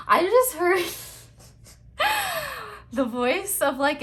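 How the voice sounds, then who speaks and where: A woman's voice: high voice, sing-song, very slow, long pauses. A young woman giving a casual tarot card reading at home, chatty and giggly, with rambling asides. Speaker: tarot reader.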